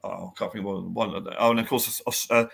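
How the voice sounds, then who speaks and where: A man's voice: fairly low pitch, steady tone, quick pace, creaky, a bit bright, slightly rough. A man in casual chat on a fan podcast, rambling and laughing often. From Australia.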